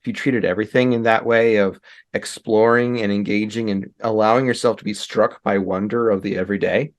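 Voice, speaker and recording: A man's voice: on the low side, fairly even intonation, a little fast. A man speaking as a guest on a casual podcast, talking in an easygoing, reflective way and laughing readily. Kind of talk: casual interview chat.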